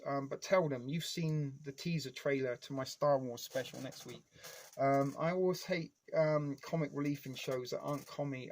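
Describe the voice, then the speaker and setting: A man's voice: mid-range voice, darkish tone. Man, 40s, home streamer: loose, profane, nostalgic, talks straight to his chat. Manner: rambling, heavy swearing; nostalgic fan enthusiasm. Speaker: live streamer. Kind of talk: casual live-stream chat.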